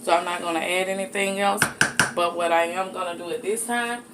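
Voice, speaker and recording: A woman's voice: fairly low pitch, fairly even intonation, a little fast. A woman hosting a cooking show, chatty and folksy as she talks viewers through a recipe in her home kitchen. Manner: folksy, chatty, addresses viewers as y'all and honey. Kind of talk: casual cooking demonstration. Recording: audible background noise.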